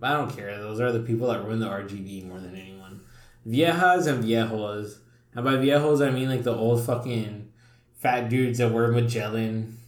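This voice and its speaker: A man's voice: lowish voice, normal speed. A young man hosting a podcast, telling stories in a loose, profane way full of fillers. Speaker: podcast host. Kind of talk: casual chat. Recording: roomy echoey room.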